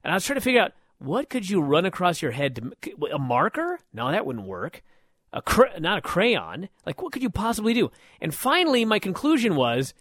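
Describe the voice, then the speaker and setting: A man hosting a talk radio show, telling a story in a lively, animated way. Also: a little high, dry recording, clean studio sound. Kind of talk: casual talk radio chat.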